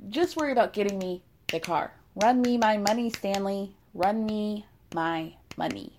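A woman's voice: mid-range voice, normal speed, a little mellow, slight background noise, lightly acted. A woman voicing a brash, demanding woman with a criminal past, talking bluntly and bossily. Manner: blunt, bossy.

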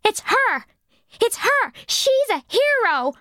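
A woman's voice: very high-pitched, big pitch swings, slow, bright, forceful tone, dry recording, clean studio sound, voice pushed up, full character voice. A woman voicing a breathless, gushing young woman witness with a folksy Midwestern accent and a simpering voice.

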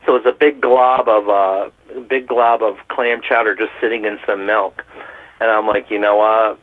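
Animated man telling stories over the phone. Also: fairly low pitch, normal speed. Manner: animated storyteller, laughs often. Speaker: guest. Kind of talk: casual storytelling. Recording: phone line.

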